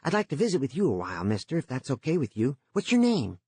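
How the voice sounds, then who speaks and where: Man plays eager lonely dead youth, fast pushy questions, dry audiobook sound. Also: medium pitch, wildly swooping pitch, darkish tone, husky, no room sound, pitched above the performer's own voice, heavily acted.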